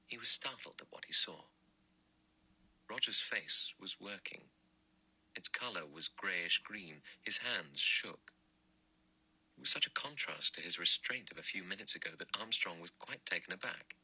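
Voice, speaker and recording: A man reading a mystery audiobook in measured, even narration. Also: deep voice, slightly rough, rough recording. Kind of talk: scripted narration.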